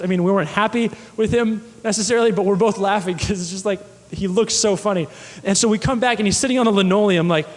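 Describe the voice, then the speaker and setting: In a room with a big, open sound, a high-pitched man preaches. The pastor weaves in stories and questions for the congregation.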